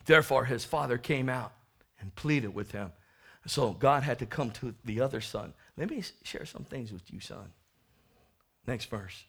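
A man preaching a sermon to his congregation, swinging from hushed asides to loud, stretched-out shouts as he acts out the Bible story. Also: mid-range voice, animated, moderate pace, gravelly, breathy edge.

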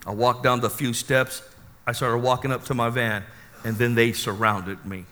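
A man preaching his own testimony as an animated, dramatic storyteller, with a long hall reverb around him. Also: medium pitch, moderate pace.

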